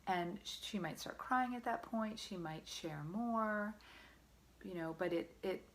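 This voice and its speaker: A woman's voice: medium pitch, slow pace. A woman parenting coach giving earnest, encouraging advice straight to the listener, often checking in with them. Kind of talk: direct-to-camera parenting advice.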